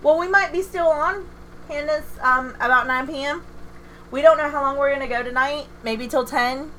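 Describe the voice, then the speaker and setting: A woman's voice: high voice, normal speed, sharp tone, slight background noise. A middle-aged woman streaming a game from home, chatting candidly and self-deprecatingly with viewers and laughing often. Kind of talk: casual livestream chat.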